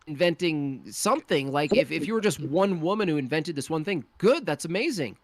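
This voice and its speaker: A man in a casual debate, talking with many fillers, pauses and restarts. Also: a little high, lively intonation, no room sound. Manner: hesitant, lots of fillers and restarts.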